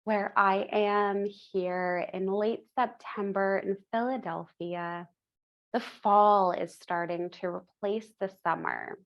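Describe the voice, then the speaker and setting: Yoga teacher, young adult woman, very slow unhurried cues, calm and gentle. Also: medium pitch, dull audio. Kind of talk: guided yoga breathing instruction.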